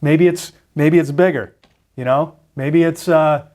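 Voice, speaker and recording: A man's voice: on the high side, a little slow. A man hosting a trading video, walking viewers through a screen graphic, getting worked up and often repeating himself. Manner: animated, repeats and restarts, gets worked up. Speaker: trading channel host. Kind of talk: excited screen-share explainer.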